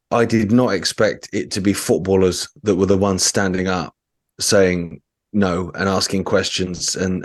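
A man with an English accent, a guest chatting in a relaxed, conversational way with casual slang. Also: sits low, dry recording, studio quality. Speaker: interview guest. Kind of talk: casual interview chat.

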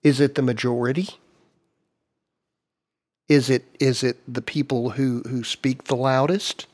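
Male host, mid-pitched, earnest explainer, casual discussion. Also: little pitch movement, unhurried, a little mellow.

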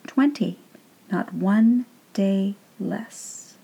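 A woman's voice: very slow, gravelly, dark tone, husky, full character voice. A woman reading aloud and voicing a calculating man with a cheeky, scornful manner. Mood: smooth. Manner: cheeky, scornful, a bit higher voice.

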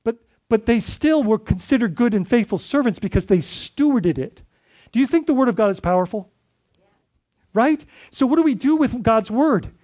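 A man's voice: extremely high pitch, expressive, moderate pace, darkish tone. A man preaching a sermon as lead pastor, speaking conversationally and putting questions to his congregation.

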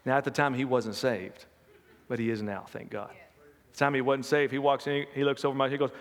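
A man's voice: mid-range voice, fairly even intonation, brisk, big-room sound. A middle-aged man preaching a sermon, telling folksy personal stories. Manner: folksy storytelling with laughs and acted quotes.

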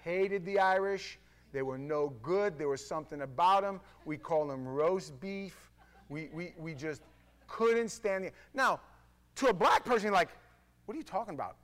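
Fast-talking New man telling stories. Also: high voice. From New York. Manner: animated storytelling with stammered restarts. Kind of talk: casual monologue to camera.

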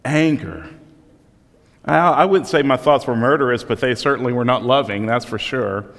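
A man's voice: mid-range voice, normal speed, vocal fry, fairly bright tone. Man preaching in a reverberant hall. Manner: conversational, self-deprecating storytelling. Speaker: pastor. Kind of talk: sermon.

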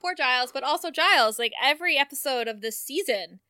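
Bright, dry-voiced woman recapping chattily. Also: sits high, lively intonation, no room sound. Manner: chatty, laughing, quick plot recapping. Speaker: podcast co-host. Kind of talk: casual recap chat.

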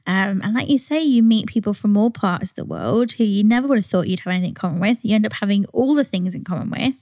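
A woman's voice: medium pitch, animated, fast talker, darkish tone, no room sound. A woman from England co-hosting a podcast, talking reflectively and earnestly, with casual swearing. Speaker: podcast co-host. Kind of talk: casual chat.

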